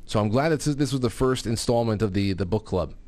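A man hosting a call-in talk show, talking casually with many restarts and halting phrases. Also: fairly low pitch, animated, dark tone.

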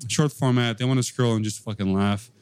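A man who plays metal drums, talking loosely and profanely in a relaxed chat, often laughing. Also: medium pitch, fairly quick, clear, resonant tone. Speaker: metal drummer. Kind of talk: casual backstage chat.

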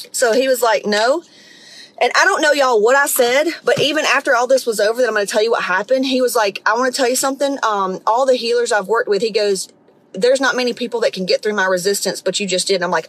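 A woman's voice: a little high, no room sound, low-quality recording. A middle-aged woman, hosting a podcast and telling a story in a blunt, profane, casual way. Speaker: podcast host. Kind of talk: casual monologue.

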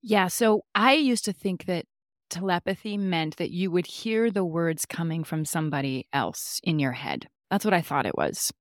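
A woman being interviewed about her child, a lively storyteller who talks openly and acts out the dialogue. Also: on the low side, moderate pace, dry recording, studio quality. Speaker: guest, mother of a nonverbal child. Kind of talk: casual interview talk.

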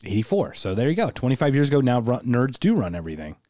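Man, podcast co-host, jokey and animated, quick to laugh; dry, close mic. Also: mid-range voice, no echo. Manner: animated, laughs often, slips into silly voices. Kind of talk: casual chat.

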